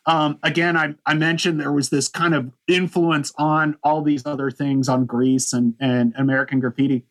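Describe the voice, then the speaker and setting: Speaking at a moderate pace with a fairly high pitch and flat delivery, this man hosts a podcast. He gives a casual historical overview, rambling with many "you know" fillers and restarts.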